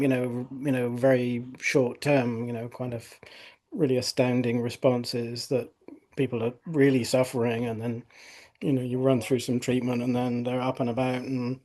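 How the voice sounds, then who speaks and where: A middle-aged male osteopath recounting patient cases in a relaxed podcast conversation, full of fillers like "you know". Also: medium pitch. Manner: conversational storytelling with frequent fillers.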